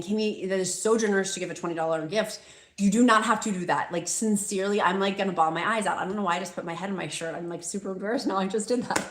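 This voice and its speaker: A woman's voice: mid-range voice, fast talker, a bit bright. A woman, hosting a live stream from home, chatting casually and reading viewer comments aloud in a gushing, talkative way. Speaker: host of a live weight loss stream. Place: room at home. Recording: echoey room, faint noise.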